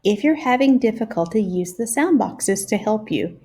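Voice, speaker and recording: A woman teacher leading a phonics lesson for young children, sounding out each word slowly and clearly. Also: medium pitch, lively intonation, mellow. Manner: slow and deliberate, stretching out each sound.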